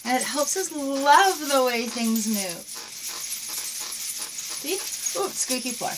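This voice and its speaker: An encouraging woman dance teacher leads a home lesson, calling out counts and cues while she moves. Her voice sits a touch high, a little breathless, and it reaches the mic from across the room. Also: lively intonation, slow, distant mic, background noise. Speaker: dance instructor. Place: room at home with a squeaky floor.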